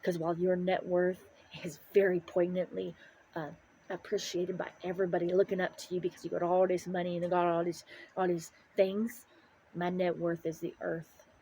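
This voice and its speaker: A woman's voice: fairly low pitch, little pitch movement, normal speed, mellow, slight background noise, poor audio. A middle-aged woman ranting to the camera in an angry, profane, preaching way. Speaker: vlogger.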